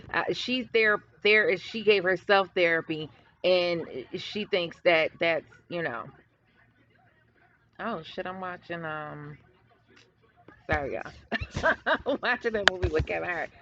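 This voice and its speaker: A woman's voice: medium pitch, pushed and bright, highs cut off. A woman from upstate New York giving a sassy, emphatic, chatty commentary on her vlog. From upstate New York, USA. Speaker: YouTube commentator.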